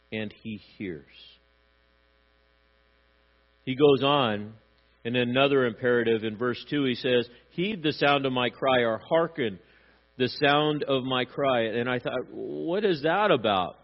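A man preaching a sermon, animated, acting out short voices as he tells his points. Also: mid-range voice, dull audio. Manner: animated, acts out little voices for God and parents. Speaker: pastor.

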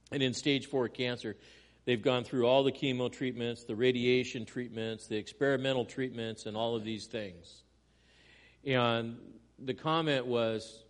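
A man preaching a sermon, earnest, moving between loud emphatic lines and quiet, hushed ones. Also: mid-range voice, long reverb tail. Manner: earnest preaching with dramatic swings in volume. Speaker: pastor.

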